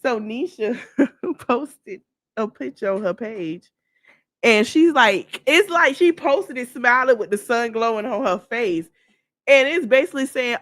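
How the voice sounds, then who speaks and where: A woman's voice: on the high side, expressive, unhurried, fairly bright tone, no room sound. A woman hosting a podcast, giving blunt, mocking gossip commentary and laughing often. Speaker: podcast host.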